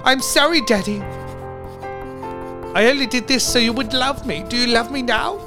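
A man's voice: very high voice, normal speed. A man voicing a whiny young racing driver who pleads in a letter for his father's love, over a music bed. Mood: pleading. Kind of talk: comedy letter reading.

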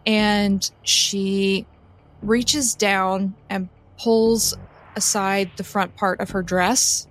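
A woman narrating a tabletop role-playing game as game master, in slow, measured storytelling. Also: medium pitch.

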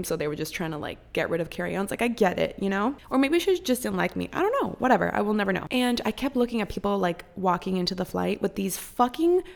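A woman's voice: mid-range voice, creaky. A young woman telling a rambling, casual storytime, full of filler words and swearing. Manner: chatty, heavy "like" filler, frequent swearing. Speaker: content creator.

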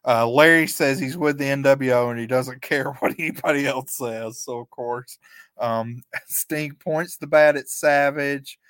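A man co-hosting a podcast, recapping events play by play in a relaxed, chatty way and chuckling often. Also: medium pitch, measured pace, smooth, no echo. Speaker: podcast co-host. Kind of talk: casual recap chat.

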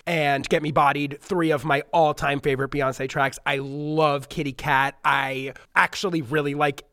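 A fairly high-voiced man talks music in a relaxed podcast chat, leaning on filler words and gushing about songs he loves. His voice sits close and dry, with no room sound around it. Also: moderate pace, no echo. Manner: chatty, frequent "like" fillers, enthusiastic. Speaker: podcast panelist. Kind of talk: casual chat.

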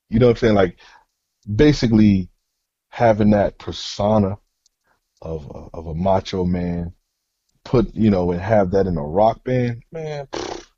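Mellow husky man, laid-back. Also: lowish voice, no echo, highs cut off. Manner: laid-back, agreeable, says "man" often. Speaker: podcast co-host, musician. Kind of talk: casual chat.

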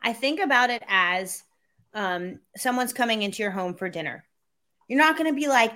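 A fairly high-voiced woman talks through sales advice as an interview guest. She tells stories with energy and jumps into little acted-out voices when she quotes people. Her delivery is conversational and animated. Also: normal speed.

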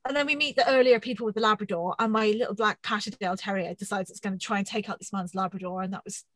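A woman in her thirties telling a funny story on a podcast, animated and self-mocking, swearing often. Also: medium pitch, quick pace, dry recording, poor audio. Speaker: podcast co-host. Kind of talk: casual storytelling chat.

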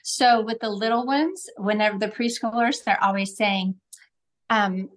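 A middle-aged woman, a parenting coach, talking in a podcast interview and telling stories with acted-out quotes. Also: unhurried. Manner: animated storyteller, acts out quotes with big pitch jumps.

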